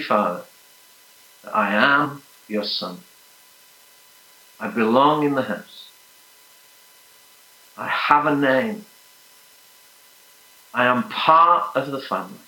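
A man preaching a sermon, earnest and emphatic, sometimes dropping to soft, hushed prayer. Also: medium pitch, echoey room, poor audio.

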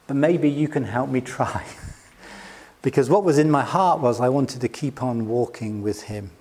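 A medium-pitched, darkish male voice at normal speed belongs to a middle-aged pastor from Britain giving a sermon. He talks casually, makes fun of himself, and laughs a lot.

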